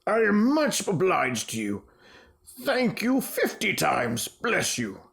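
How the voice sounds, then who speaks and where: A man doing a joyful old miser, lively and rough-edged. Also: high-pitched, takes it slowly, pitched above the performer's own voice, full character voice. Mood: grateful. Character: old male miser turned joyful and generous.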